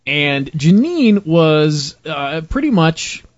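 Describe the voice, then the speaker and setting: A man's voice: a little high, big pitch swings, takes it slowly. A man hosting a casual chat, telling joking stories and teasing his co-hosts. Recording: dull lo-fi sound.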